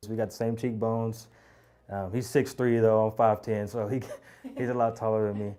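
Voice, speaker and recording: A man in his thirties speaking in a relaxed way with many fillers in an interview. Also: lowish voice, moderate pace. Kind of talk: casual interview.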